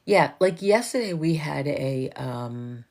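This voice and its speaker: Fifties woman, very low gravelly voice, chatty livestream host who curses and laughs easily. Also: expressive, takes it slowly, darkish tone. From New York. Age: 50s. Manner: laughing, chatty, swears freely. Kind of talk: casual chat with viewers.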